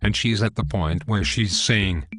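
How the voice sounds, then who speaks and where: A man giving a calm, matter-of-fact instructional monologue, explaining steps one by one. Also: fairly low pitch, unhurried, crowd noise.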